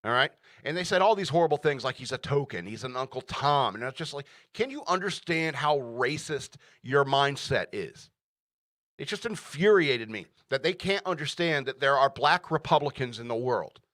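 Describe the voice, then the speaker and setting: An American man hosts his own radio show, delivering opinionated commentary solo in a bright, forceful, animated voice of medium pitch at normal speed. The sound is dry and close with no room sound, and he keeps driving his points home with repeated "all right?".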